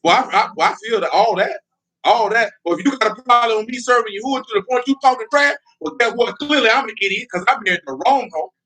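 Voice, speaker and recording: Male preacher, high and forceful delivery; blunt, confrontational street-talk sermon with laughing asides. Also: lively intonation, fast, a little hiss or hum. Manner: blunt, confrontational, repeats "you know what I'm talking about"; breaks into laughter between points.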